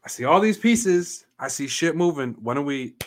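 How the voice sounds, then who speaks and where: A man co-hosting a podcast, telling stories in a casual, animated and profane way. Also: on the high side, normal speed, noisy background. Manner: animated, profane, emphatic storytelling. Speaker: podcast co-host. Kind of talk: casual chat.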